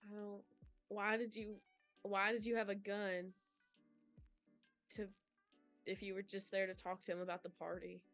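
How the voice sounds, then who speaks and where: A woman voicing a grieving young woman who speaks softly and haltingly, over tinny stream audio with faint music. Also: mid-range voice, flat delivery, close to an everyday voice. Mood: demanding. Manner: hesitant, soft, halting.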